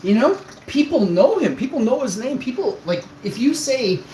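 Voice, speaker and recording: A man's voice: very high voice, very animated, normal speed, warm tone. A man around forty, ranting scornfully to his viewers in a casual streamed monologue. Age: 40s. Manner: exasperated, scornful, calling someone out. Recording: roomy echo, faint background hum.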